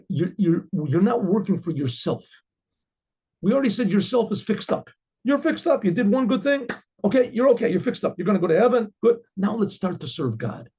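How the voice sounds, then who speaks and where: Chatty rabbi, husky mellow voice. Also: male voice, high-pitched. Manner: chatty, acts out both sides of an inner dialogue; repeats and restarts phrases, reads Hebrew then translates. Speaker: rabbi teaching a class. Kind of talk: informal Torah lesson. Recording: dull lo-fi recording.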